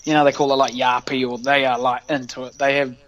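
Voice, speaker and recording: A New Zealand-accented professional rugby player, appearing as a podcast guest, tells stories in casual, slangy chat and laughs a lot. His mid-range voice is fast with a level tone and fairly bright timbre, though the highs are cut off.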